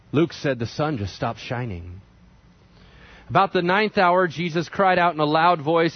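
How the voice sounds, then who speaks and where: A man preaching a sermon, retelling scripture with animated storytelling and conversational asides. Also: mid-range voice, normal speed, no echo. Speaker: pastor. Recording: dry, slightly dull sound.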